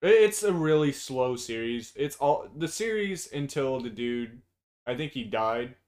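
A man's voice: mid-range voice, expressive, a little slow, darkish tone. A man co-hosting a casual chat, blunt and profane, opinionated and prone to long tangents. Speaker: podcast co-host.

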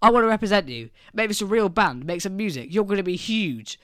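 A man voicing an enthusiastic record agent, drawing out his praise slowly and emphatically. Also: high voice, expressive, a bit bright, no echo, studio quality. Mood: hyping. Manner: slow, emphatic hype.

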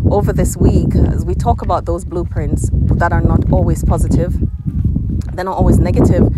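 Earnest woman on a windy hilltop. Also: lowish voice. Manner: earnest, searching, restarts phrases. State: slightly out of breath. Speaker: podcast host. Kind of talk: reflective spoken monologue. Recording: loud wind noise outdoors. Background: wind noise.

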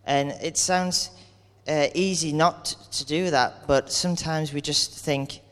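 Earnest preacher in a reverberant hall. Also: male voice, a little high, fairly even intonation, takes it slowly, fairly bright tone, smooth. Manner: earnest, candid, acts out everyday complaints. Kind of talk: conversational sermon.

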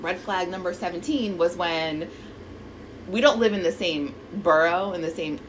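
A woman's voice: fairly low pitch, moderate pace, a little hiss or hum, rough recording. A woman telling a dating story in casual chat, acting out quotes and swearing freely. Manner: animated, swearing, acts out quotes.

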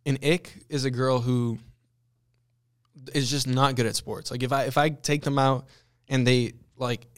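A man's voice: mid-range voice, fairly even intonation, measured pace, smooth. A young man co-hosting a casual podcast chat, blunt and swearing freely. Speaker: podcast co-host.

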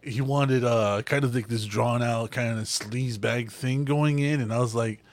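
A man co-hosting a casual podcast, talking in an animated way, often swearing and laughing. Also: medium pitch, unhurried. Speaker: podcast co-host, voice actor. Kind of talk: casual chat.

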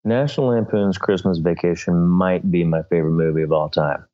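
Deadpan male guest, very deep voice, dull lo-fi audio. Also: brisk. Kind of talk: casual comedic chat.

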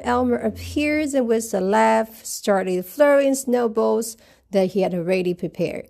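A woman reading a picture book aloud and retelling each page gently. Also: a little high, animated, unhurried, gravelly. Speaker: storybook reader.

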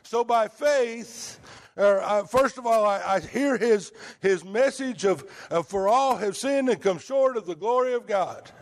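High-voiced preacher. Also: male voice, expressive, unhurried. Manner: conversational preaching with rhetorical questions to the congregation. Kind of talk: sermon.

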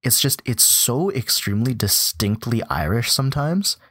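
A young man chatting casually on a podcast, rambling with lots of "like" fillers and breaking into a mock-excited high voice when joking. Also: moderate pace, husky, no room sound, studio quality. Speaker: podcast co-host. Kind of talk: casual chat.

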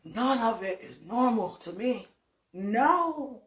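A woman lying in bed, praying aloud in a moaning, pleading way, drifting between hushed whispers and loud protests. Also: on the high side, animated, slow. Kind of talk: emotional spoken prayer monologue.

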